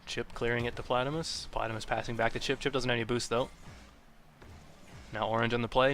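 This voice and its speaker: A man calling live play-by-play for an online game tournament, quick and jokey. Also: mid-range voice, flat delivery, a bit bright, slight background noise. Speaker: esports caster.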